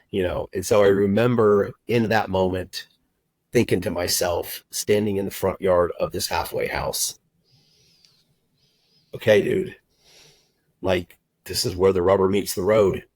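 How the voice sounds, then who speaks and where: A middle-aged man telling his personal story as a podcast guest, heartfelt and halting, with many fillers and restarts. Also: low-pitched, darkish tone, dry recording, low-quality recording. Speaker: guest, recruiter and agency owner.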